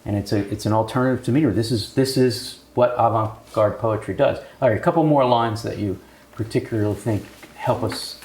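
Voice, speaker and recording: Man leading a seminar, low voice, roomy echo, faint room noise. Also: brisk, darkish tone. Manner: probing, explanatory, asks the group questions. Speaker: discussion leader. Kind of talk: seminar discussion. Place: arts cafe room.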